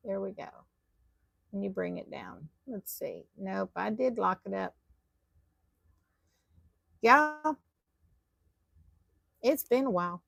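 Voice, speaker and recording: A woman's voice: mid-range voice, takes it slowly, vocal fry, long pauses, no room sound. A woman teaching a live online tatting class, chatty and self-deprecating as she talks viewers through her work.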